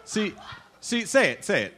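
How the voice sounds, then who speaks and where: A man's voice: sits high, very animated, a little slow, bright, forceful tone, slight background noise. An American man, a podcast host, chatting casually in a playful, joking way. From United States. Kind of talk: casual chat.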